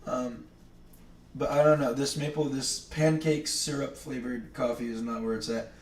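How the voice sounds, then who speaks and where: A man from Maine hosts his morning livestream, wandering from thought to thought and correcting himself as he goes. His voice sits at an ordinary middle pitch. It carries the echo of a roomy space and sounds a little far from the microphone. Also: fairly even intonation, moderate pace. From New England, Maine. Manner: rambling, chatty, self-correcting. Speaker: livestream host. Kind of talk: casual chat. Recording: echoey room, distant mic.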